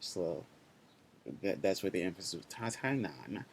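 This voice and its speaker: Lowish male teacher, loose and chatty. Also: expressive, normal speed, breathy edge. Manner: loose, repetitive, checks in with students. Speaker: language teacher. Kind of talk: online class teaching.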